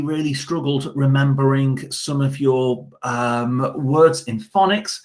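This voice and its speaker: Upbeat man leading a school assembly. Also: mid-range voice. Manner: encouraging, upbeat, addresses children directly. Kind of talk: school assembly talk to children.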